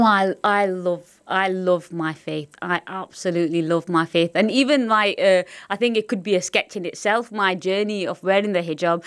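A woman from Blackburn with a Lancashire accent, a comedian chatting as a guest in an interview, laughing often and using lots of fillers. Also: fairly low pitch. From Blackburn, England. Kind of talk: casual interview chat.

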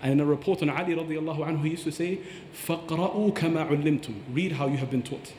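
A man's voice: fairly high pitch, fairly even intonation, rapid-fire, darkish tone, slight background noise. A man explaining Quran recitation on a podcast, breaking into recited Arabic phrases as he teaches. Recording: echoey hall with long reverb.

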